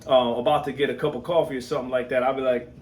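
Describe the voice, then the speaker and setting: A man in his thirties giving a casual motivational talk, energetic, often asking "you know what I'm saying?". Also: medium pitch, racing. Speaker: motivational host.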